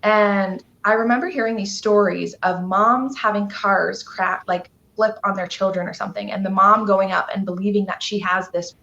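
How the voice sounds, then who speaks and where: A woman's voice: mid-range voice, steady tone, moderate pace, gravelly, few pauses, pushed and bright, highs cut off, slight background noise. A woman from Canada, a guest telling a personal story on a live stream, earnest and emotional, rambling with fillers.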